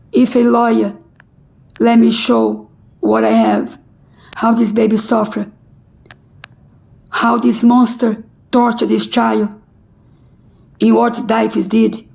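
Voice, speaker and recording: A middle-aged woman making an impassioned, pleading public appeal in halting non-native English. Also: on the high side, flat delivery, vocal fry, darkish tone, rough recording. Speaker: relative pleading a court case.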